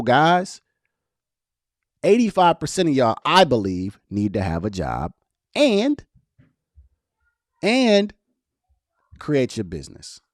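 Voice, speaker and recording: A man hosts a casual commentary video, reacting to a podcast clip and speaking passionately and directly to viewers, using plenty of slang about keeping a job while building a business. His voice is mid-range, and the studio-quality recording has no echo.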